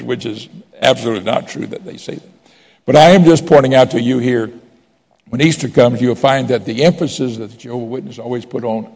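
A man's voice: medium pitch, vocal fry, in a large hall. A man preaching a sermon from the pulpit in a conversational way, asking the congregation questions and telling stories. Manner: conversational preaching, asks congregation for raised hands. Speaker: pastor.

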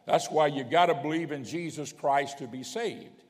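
Male bishop preaching, fairly high voice, emphatic with restarts, long church-hall reverb. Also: normal speed, few pauses, darkish tone. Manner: emphatic, stumbling restarts, asks the congregation if they follow. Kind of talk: sermon.

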